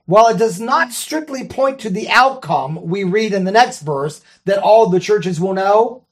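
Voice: mid-range voice, expressive, measured pace. A Bible study teacher reading scripture and carefully walking through its grammar, often checking in with the listeners. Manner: careful, explains grammar step by step.

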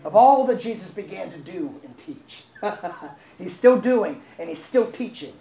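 A woman's voice: mid-range voice, animated, measured pace, creaky, warm tone, a little hiss or hum. Woman preaching in an echoey hall. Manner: conversational, asks the congregation questions, laughs easily. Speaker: pastor. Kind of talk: sermon. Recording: roomy echo, faint ambience.

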